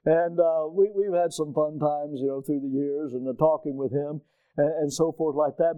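A middle-aged male pastor preaches with a mellow voice pitched a little high. He presses his points, asks the congregation questions, and surges loud when he drives a point home. The sound is close and dry. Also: moderate pace, clear, resonant tone, no room sound, muffled recording. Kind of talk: preaching a sermon.

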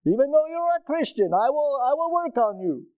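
A man doing the voice of a friendly male doctor with an Egyptian accent, teasing in a high sing-song way. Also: sing-song, normal speed, no echo, narrow, tinny audio. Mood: playful. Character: friendly cheerful male doctor, middle-aged.

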